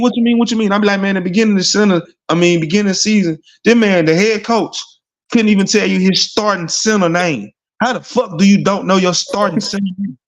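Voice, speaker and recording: A man's voice: high voice, fairly bright tone. A man hosting a casual sports talk stream, blunt and profane, rambling and repeating himself, often asking "see what I'm saying?".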